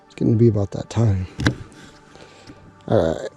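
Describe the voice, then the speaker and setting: An outdoor cooking vlogger makes casual, jokey conversation at a camp spot, talking to himself as he cooks. His low voice is mellow and moves at normal speed. The recording sounds muffled, with faint music behind.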